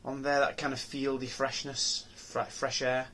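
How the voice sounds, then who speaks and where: A man's voice: mid-range voice, level tone, measured pace, bright, forceful tone, slight background noise. A man reviewing beer on his own channel, talking casually and musing aloud with many ums, restarts and rhetorical questions.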